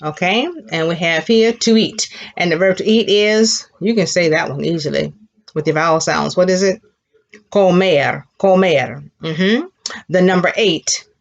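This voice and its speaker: A woman's voice: lowish voice, measured pace, vocal fry, highs cut off. A woman teaching a children's Spanish class, patiently modeling words for the class to repeat and praising them. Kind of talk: elementary Spanish lesson.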